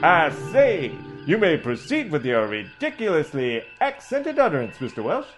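A blustering old doctor, as a man puts him on, with a drawl and grand, sermonizing phrases. His voice sits a bit high and leaps around theatrically. Faint music plays underneath. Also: wildly swooping pitch, moderate pace. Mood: pompous. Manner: florid, preachy, drawling oratory. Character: pompous old Southern male ship's doctor. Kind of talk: comedy audio parody.

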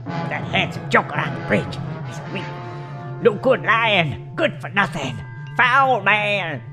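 A grandiloquent Southern gentleman drawls slowly and grandly, as a man puts him on. His pitch swings widely through a comic audio play. Clear music plays underneath. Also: lively intonation, exaggerated voice. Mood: pompous. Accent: put-on Southern US drawl. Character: pompous Southern gentleman impostor captain, man. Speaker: voice actor.

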